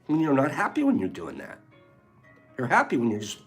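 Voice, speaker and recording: A man hosting a reflective spiritual talk, reading passages from a book aloud and mixing in his own animated remarks and soft asides. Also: medium pitch, normal speed, soft background music. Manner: animated, swinging between loud emphasis and soft asides. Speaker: podcast host.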